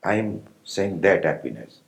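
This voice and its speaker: A man with an Indian accent giving a slow, pausing spiritual discourse to meditators, often asking his listeners if they follow. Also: sits low, very animated, gravelly, rough recording. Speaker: spiritual teacher.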